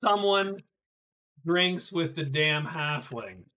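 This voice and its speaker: Slow and animated, his high-sitting voice is sharp in tone yet smooth. The middle-aged man chats casually with viewers as he plays a solo board game on stream, thinking aloud and often stumbling or repeating himself.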